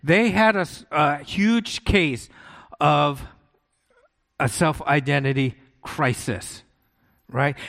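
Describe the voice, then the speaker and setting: Male pastor, sermon, fairly high voice, long reverb, rhetorical questions. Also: a bit bright. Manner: conversational, keeps asking "right?" and rhetorical questions. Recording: long hall echo.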